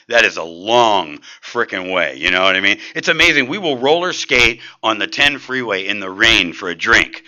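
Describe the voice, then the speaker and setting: A middle-aged man speaking at a recovery meeting, telling his own story in an animated, street-casual way. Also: on the low side, rough recording. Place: meeting room.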